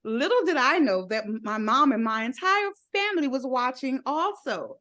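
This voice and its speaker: A woman's voice: high-pitched, animated, moderate pace, fairly bright tone. A woman guest in a podcast interview, speaking openly and laughing often as she tells her own story. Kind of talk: candid interview.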